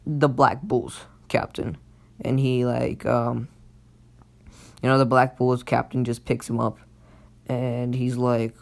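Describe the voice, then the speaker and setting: A man casually recapping an anime storyline on his own channel, full of fillers and loose swearing. His voice sits at an average pitch with a gravelly rasp. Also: little pitch movement, slow, long pauses. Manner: rambling, lots of fillers and swearing. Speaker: channel host. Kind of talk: casual anime plot retelling.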